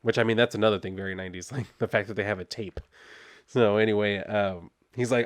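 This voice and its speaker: A man's voice: fairly low pitch, fairly even intonation, fast talker, no echo, studio quality. A man reviewing a comic book in a casual vlog, rambling and laughing often, with lots of fillers.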